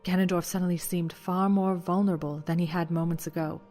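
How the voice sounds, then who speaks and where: A man giving dramatic scripted audiobook narration, dropping to a hush at tense moments. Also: high voice, level tone, a little fast, soft background music.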